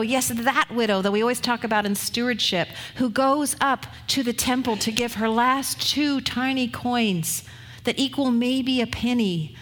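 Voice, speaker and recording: A woman's voice: a little high, fairly bright tone. A woman pastor preaching a sermon, retelling scripture stories in a conversational, storytelling way.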